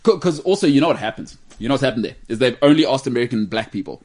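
A man from Africa, hosting a casual chat and mocking in quick asides. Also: mid-range voice. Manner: animated, mocking accents in quoted asides. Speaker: host.

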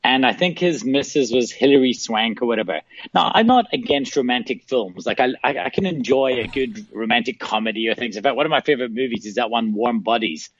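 A man calling in as a guest, telling a casual, animated story. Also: mid-range voice, a little fast, slightly rough, dry recording. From South Africa. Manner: animated, laughing anecdotes with acted-out quotes. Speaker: phone-in guest. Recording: dull phone line.

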